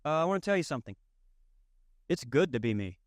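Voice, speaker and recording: A man's voice: fairly high pitch, very animated, quick pace, dry recording, clean studio sound. A man with a Southern accent giving a conversational sermon as pastor, joking and repeating lines for emphasis. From Southern United States. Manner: folksy, joking, emphatic repetition.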